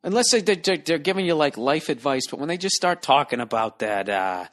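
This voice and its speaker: A man's voice: on the high side, animated, fairly quick, hardly any pauses, fairly bright tone. Profane, exasperated man ranting. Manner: profane, exasperated, reading a listener email. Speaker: podcast host. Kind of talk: comedic podcast rant.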